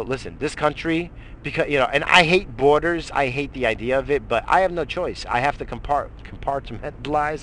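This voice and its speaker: A man's voice: mid-range voice, fairly bright tone, a little hiss or hum. A middle-aged man hosting a morning show, ranting heatedly about politics with constant swearing and rambling restarts. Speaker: radio show host. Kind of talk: profane political rant.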